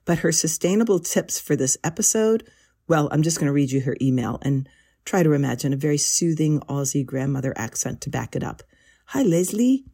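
A woman's voice: sits low, a little fast, gravelly, warm tone, breathy edge. A woman hosting a gardening podcast, introducing guests with a friendly, lightly humorous manner. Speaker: podcast host.

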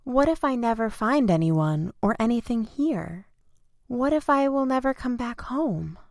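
A woman voicing a young girl, scared but brave, in a high, childlike, pleading voice. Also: lively intonation, measured pace, no room sound, clean studio sound. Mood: lonely.

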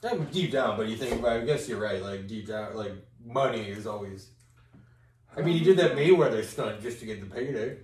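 A man's voice: medium pitch, lively intonation, normal speed, darkish tone. A man co-hosting a casual comedy podcast, bantering, joking and swearing. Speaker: podcast co-host. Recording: echoey room, mic at a distance, faint noise.

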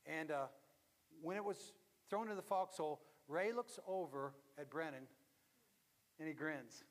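A pastor with a high, light voice tells a story from the pulpit. He shifts from lively delivery to hushed, weighty moments for emphasis, and his words ring out with a long echo through the church. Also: measured pace. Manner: dramatic, drops to hushed tones for emphasis. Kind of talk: storytelling sermon. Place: church sanctuary. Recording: long reverb of a large hall.

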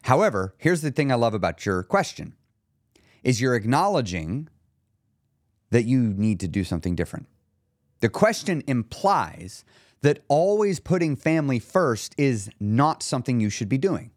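A man hosts a podcast as a weight loss coach, speaking directly to his listeners in an animated monologue and acting out the people in his stories. His mid-range voice moves at a moderate pace, captured with clean studio sound and no room sound.

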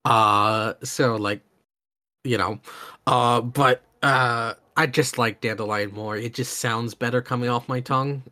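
A man's voice: medium pitch, steady tone, measured pace, sharp tone. Enthusiastic man, rambling chat. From Oklahoma, USA. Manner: enthusiastic, rambling, many fillers and restarts. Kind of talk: casual chat.

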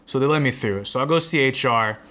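A man's voice: mid-range voice, brisk, a bit bright. A young man telling a rambling, exasperated story in casual chat, swearing now and then.

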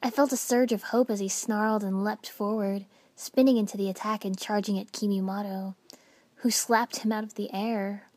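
A woman narrating a first-person story with dramatic expression, dropping to hushed whispers at tense moments. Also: medium pitch, steady tone, normal speed, dry recording. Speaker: audiobook narrator.

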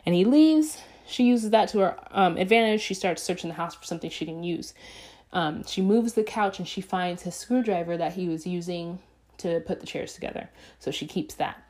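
A woman's voice: on the low side, normal speed, darkish tone. A woman casually retelling a movie plot, chatting with lots of fillers and acting out the characters' quotes. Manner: chatty storytelling with acted-out quotes and frequent fillers. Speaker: movie reviewer. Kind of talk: casual film recap.

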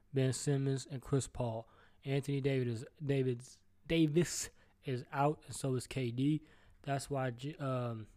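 A man's voice: medium pitch, warm tone. A man hosting a solo podcast from home, ranting and rambling with lots of swearing, stuttering and restarting as he jumps between topics. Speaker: podcast host.

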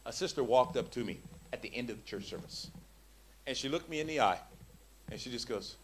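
A man preaching a sermon in a church, swinging from hushed tones to loud emphasis and stumbling over restarts when excited. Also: medium pitch, brisk, husky.

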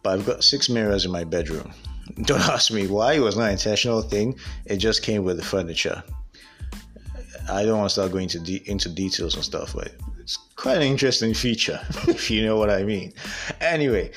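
Low-voiced man giving a rambling pep talk. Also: lively intonation, brisk, a bit bright, breathy edge, faint music behind. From Africa. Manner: candid, rambling, laughs at himself. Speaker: podcast host. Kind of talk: solo motivational talk.

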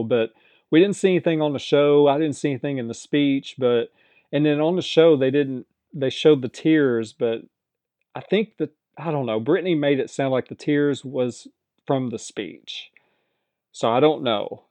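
A man's voice: medium pitch, moderate pace, dark tone, no room sound. Man casually recapping a reality show. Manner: conversational, hedging, often repeats himself.

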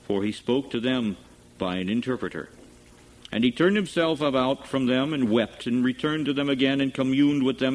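A man reading scripture aloud in a steady, measured way. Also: medium pitch, low-quality recording. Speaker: scripture reader.

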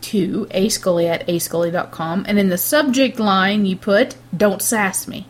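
A woman's voice: medium pitch, normal speed. A woman co-hosting a podcast in casual chat, making wry, playful asides and giggling. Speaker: podcast co-host.

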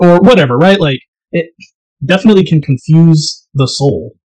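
A man co-hosting a casual podcast over whiskey, telling stories in a relaxed way and saying "man" often. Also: a little high, fairly quick, dry recording, rough recording. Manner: relaxed storyteller, laid-back, says "man" a lot. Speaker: podcast co-host.

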